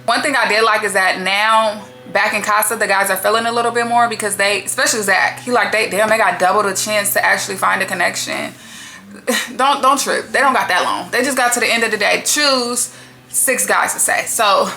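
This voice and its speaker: A woman's voice: mid-range voice, fairly quick, slight background noise. A woman giving a casual, blunt and profane recap of a reality dating show. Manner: blunt, profane, animated commentary. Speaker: recap vlogger.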